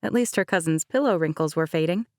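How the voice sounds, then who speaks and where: Low-voiced woman narrating an audiobook. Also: fast talker, a little mellow, no room sound, clean studio sound. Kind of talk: scripted narration.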